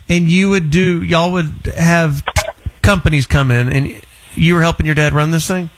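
A man's voice: fairly high pitch, fairly even intonation, normal speed, slight background noise. A middle-aged man hosting a casual interview, blunt and teasing, often restarting his sentences. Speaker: host.

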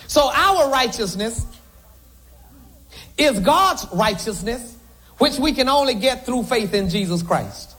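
A man's voice: very high voice, expressive, takes it slowly, fairly bright tone. A man preaching a sermon to a congregation from the pulpit, with joking asides to the crowd. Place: church sanctuary.

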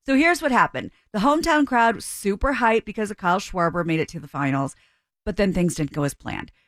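A woman's voice: mid-range voice, expressive, fairly quick, fairly bright tone, no echo. A woman reads the headlines on a radio show, breezy and wry. She slips in jokes and laughs as she goes. Her voice sits close and dry on the microphone. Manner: laughs often, jokey asides. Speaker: radio show news reader. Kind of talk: casual radio banter.

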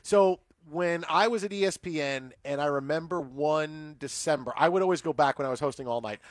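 A man's voice: fairly high pitch, fairly quick, no echo, studio quality. A man hosting sports radio, giving score updates and telling rambling stories with lots of fillers. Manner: rambling storyteller with many fillers.

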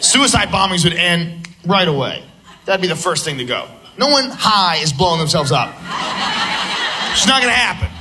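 A man performing stand-up comedy, growing animated and shouting through his bits. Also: high voice, normal speed, pauses often, a little hiss or hum. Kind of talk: stand-up set.

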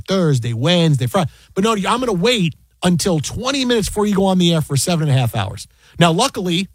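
Man, middle-aged, high-pitched, husky, rapid storytelling, dry close sound. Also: dry recording. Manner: animated, acts out quoted dialogue, many restarts. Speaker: sports broadcaster and podcast guest. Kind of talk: casual storytelling chat.

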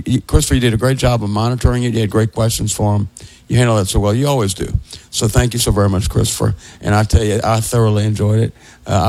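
A man's voice: fairly low pitch, darkish tone, no room sound, low-quality recording. A man who is a minister and radio co-host, talking casually in a rambling, digressive way with chuckling asides, speaking into a studio microphone.

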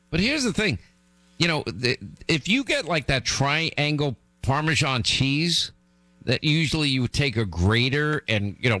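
A middle-aged man hosting a radio show, telling rambling comic stories and teasing his co-host. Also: no room sound. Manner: animated, teasing, jumps up in pitch for exasperated asides. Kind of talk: rambling comic storytelling on air.

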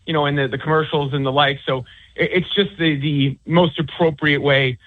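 Man, sports writer, interview guest, husky voice, rambling with restarts, tinny phone line. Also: fairly high pitch, steady tone, normal speed. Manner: rambling, many restarts and fillers. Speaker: author and sports commentator.

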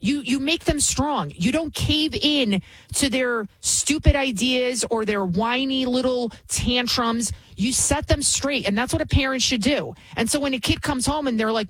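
A woman's voice: sits high, moderate pace, breathy edge, no echo. A woman hosting a talk radio show as a fill-in, delivering a blunt, indignant opinion monologue.

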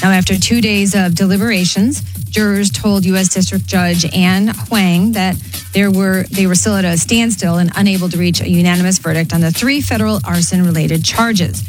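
A woman reading the news on a morning radio show in a brisk, matter-of-fact way. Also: medium pitch, steady tone, faint music behind, rough recording. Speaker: radio co-host and news reader.

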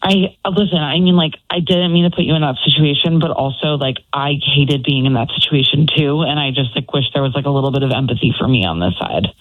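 A woman's voice: low-pitched, fast talker, few pauses. A woman on a phone call explaining herself in a defensive, flustered way. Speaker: caller on the phone. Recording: tinny phone line.

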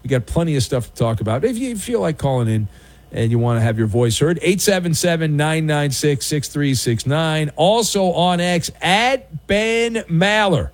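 A middle-aged man hosting a late-night sports talk radio show, riffing sarcastically with jokey, drawn-out emphasis. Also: a little high, expressive, a little mellow.

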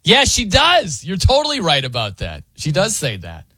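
Lively male sports radio host. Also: high voice, moderate pace, slightly rough, dry recording, studio quality. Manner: animated, mimics others' pronunciations. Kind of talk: casual studio banter.

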